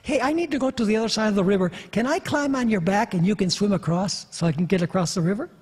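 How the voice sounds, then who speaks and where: A man's voice: high-pitched, fast talker, a little mellow, breathy edge. A man voicing a sly, untrustworthy male scorpion in a sermon story, wheedling and insistent. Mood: asking. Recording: long hall reverb.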